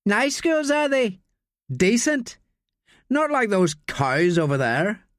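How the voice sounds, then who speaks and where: A man's voice: sits high, sing-song, slow pace, fairly bright tone, no echo, studio quality, voice pushed up, heavily acted. A man voicing a drunk, bigoted young male student with a jeering, slurred drawl. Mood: sneering.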